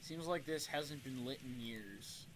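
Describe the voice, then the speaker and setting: A man's voice: medium pitch, measured pace, a bit bright, a little hiss or hum. A man playing through a story game and commenting on it, joking and poking fun at himself. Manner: joking, self-mocking asides. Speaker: let's play host. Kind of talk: gameplay commentary. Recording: game music behind voice.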